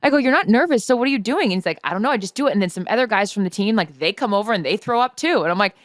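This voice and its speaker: A woman's voice: medium pitch, lively intonation, racing, no echo, clean studio sound. A woman co-hosting a podcast in a casual chat, gushing with enthusiasm and swearing freely. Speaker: podcast co-host.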